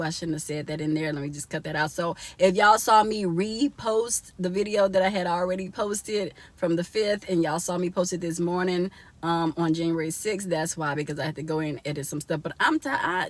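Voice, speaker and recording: A young woman vlogging casually from inside a car, chatty and laughing often as she talks to her viewers. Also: lowish voice.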